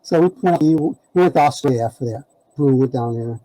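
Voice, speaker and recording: A man's voice: medium pitch, fairly quick, mellow, no echo, low-quality recording. A man telling a rambling story as a podcast guest, full of fillers and laughs. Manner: rambling, many "you know" fillers, laughing. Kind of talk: casual storytelling.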